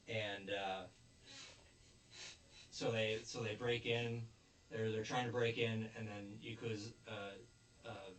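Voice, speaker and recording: A young man casually recapping an anime episode, rambling with fillers and quick quoted asides. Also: on the low side, fairly bright tone, a little hiss or hum. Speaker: anime reviewer. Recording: roomy echo, distant mic, faint ambience.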